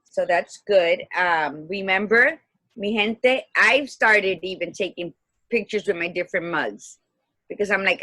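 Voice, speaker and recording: A woman in her fifties co-hosting a casual livestream chat, lively and laughing, dropping Spanish greetings. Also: lowish voice, moderate pace, dry recording. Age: 50s. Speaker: co-host, life coach. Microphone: video call.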